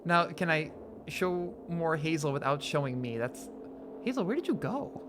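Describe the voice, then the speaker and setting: A woman chatting casually on a live stream, excitable and swearing freely, cooing at her dog between thank-yous. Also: sits low, normal speed, music in the background.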